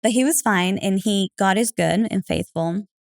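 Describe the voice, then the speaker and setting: A woman's voice: mid-range voice, normal speed, creaky. A woman, a podcast guest, telling personal stories in a casual, chatty way, full of "like" and "you know", and acting out what people said. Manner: animated, acting out quoted remarks. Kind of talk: casual conversational storytelling.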